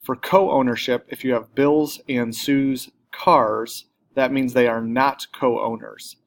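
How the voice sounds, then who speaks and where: A man's voice: medium pitch, vocal fry. Man explaining a grammar lesson plainly. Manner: plain explanatory, with occasional fillers and self-corrections. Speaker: teacher.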